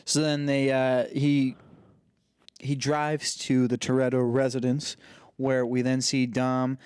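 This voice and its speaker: A man's voice: medium pitch, flat delivery, slow pace, a little mellow, clean tone, no room sound, studio quality. A young man co-hosting a podcast, telling a movie's plot in a laid-back way with fillers and laughs. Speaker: podcast co-host. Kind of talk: casual movie recap chat.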